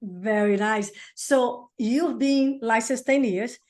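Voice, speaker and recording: A woman's voice: a little high, slow, darkish tone. A woman real estate coach hosting an interview, effusive and emphatic, telling stories about her client. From outside the US.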